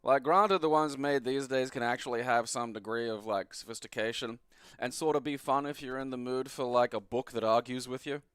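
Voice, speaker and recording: A man's voice: mid-range voice, a little fast, a bit bright, clear, resonant tone, dry recording, studio quality. An Australian man rambling sarcastically and swearing freely while commenting on an old computer game he is playing. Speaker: retro game reviewer.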